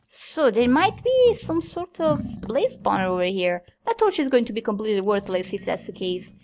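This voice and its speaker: A young woman commentating her own gameplay, nervous and easily startled, yelping at scares and talking herself calm. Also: on the high side, normal speed, over music. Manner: jumpy, nervous, yelps and laughs at scares. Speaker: Minecraft let's-play host.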